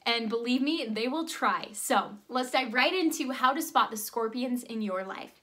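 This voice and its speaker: Bright, high-voiced chatty woman life coach. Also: animated, moderate pace. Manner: upbeat and chatty, with frequent "like" and "right?". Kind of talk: motivational vlog storytelling.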